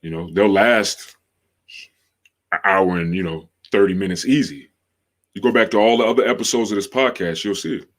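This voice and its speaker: Man, low deep voice, podcast host, casual livestream talk, slangy, repeats himself. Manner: slangy, drawn-out, repeats phrases for emphasis.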